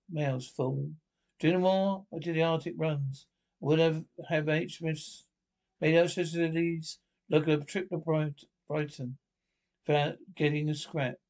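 A man reading as a gruff, irritable ship captain. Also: a little high, steady tone, moderate pace, darkish tone, lightly acted, rough recording. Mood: rueful.

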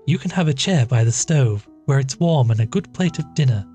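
A man voicing a sweet, shy young woman who speaks softly and persuasively. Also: medium pitch, animated, brisk, soft background music, lightly acted. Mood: gentle.

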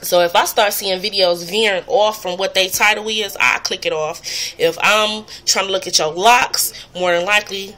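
A woman's voice: mid-range voice, fairly even intonation, normal speed, pushed and bright. A woman vlogger ranting bluntly and profanely to camera. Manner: blunt, profane, exasperated ranting with mocking impressions. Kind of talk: casual rant to camera.

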